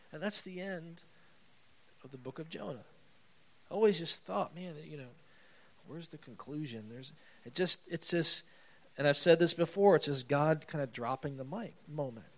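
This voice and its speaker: A man preaching a sermon in a relaxed, chatty way, his voice sitting a bit higher than most men's. He reads scripture aloud and leans into it with rising emphasis. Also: moderate pace. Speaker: pastor.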